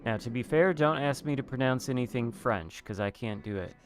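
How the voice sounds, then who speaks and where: A man's voice: medium pitch, fairly quick. A man giving casual commentary over a video game, chatting and muttering asides to himself as he plays. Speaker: gaming video host.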